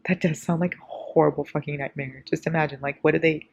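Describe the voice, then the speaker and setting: Fast-talking and sleep-deprived, this woman has a deep, husky, creaky voice with fairly even intonation, and the highs are cut off. She's a book vlogger reacting casually to her current read, swearing, laughing a lot and a little delirious, over audible background noise.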